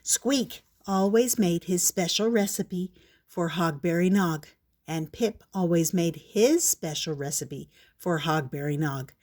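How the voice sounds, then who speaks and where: An older woman reading a children's picture book aloud in a gentle, measured storybook manner. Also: lowish voice.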